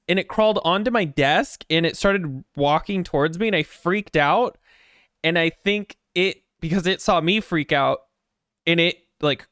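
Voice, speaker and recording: Guy streamer rambling at his desk, kinda high voice, smooth, swears constantly, nervous laughy energy. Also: fairly bright tone, dry recording, clean studio sound. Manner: rambling, swears a lot, jittery and self-mocking. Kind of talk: casual chat before a game stream. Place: home apartment at a desk.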